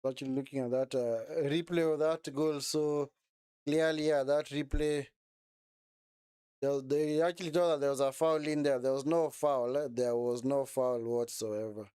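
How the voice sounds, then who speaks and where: A man's voice: mid-range voice, steady tone, moderate pace, dark tone, clear, resonant tone, no echo, clean studio sound. A young man hosting a casual live watch-along stream, talking in a chatty, repetitive way and often correcting himself.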